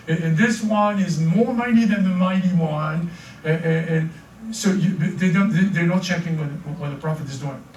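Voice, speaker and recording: An older man with a French accent preaches in a high voice, tripping over his words and repeating them as he builds his points. He is heard from a distance in an echoey church hall, with a faint hiss of room noise. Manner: repeats words, stammering restarts, animated. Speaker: pastor. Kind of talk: sermon.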